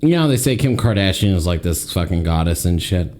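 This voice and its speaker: A man co-hosting a casual podcast chat. His pitch swings widely as he jokes and swears his way through the talk. He is animated and quick to throw in a mock voice. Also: slight background noise. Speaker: podcast co-host.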